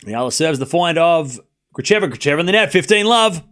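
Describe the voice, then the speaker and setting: A man giving casual live play-by-play of tennis for his stream, talking to chat and shouting at big points. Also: a little high, fast talker. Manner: excitable, talks straight to chat, bursts of shouting at big points; casual and chatty, with slang and asides. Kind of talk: live watchalong play-by-play commentary.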